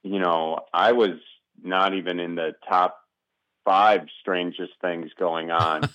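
Low-voiced man with a Wisconsin accent. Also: slow pace, dry recording, highs cut off. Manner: relaxed, rambling, frequent ums. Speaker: guest, comedian and video maker. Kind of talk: casual interview chat.

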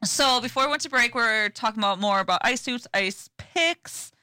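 A woman hosts a casual outdoors radio show in a chatty, giggly way, with plenty of ums. Her voice is bright and forceful. The studio sound is dry and close. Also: on the high side, normal speed, clear, resonant tone, dry recording.

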